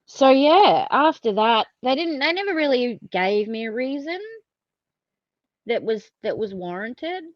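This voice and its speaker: In a mid-range voice, a woman guesting on a podcast candidly narrates her own story, swearing freely and using many fillers in a blunt, frank style. The audio is dull and has no room sound.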